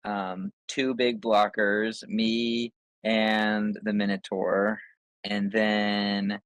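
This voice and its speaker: Slow, low-voiced male player. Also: flat delivery, dry recording. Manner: laid-back, planning out loud. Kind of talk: casual tabletop chat.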